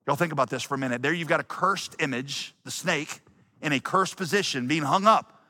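A male pastor preaching a sermon, dramatic and building to shouts. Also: fairly high pitch, fairly quick. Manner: dramatic, rising to shouts when quoting.

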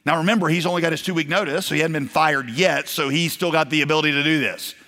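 A man's voice: fairly high pitch, steady tone, quick pace, bright, forceful tone. A man preaching a sermon in a conversational way, acting out the quoted voices of his stories. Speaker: pastor. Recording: long hall reverb.

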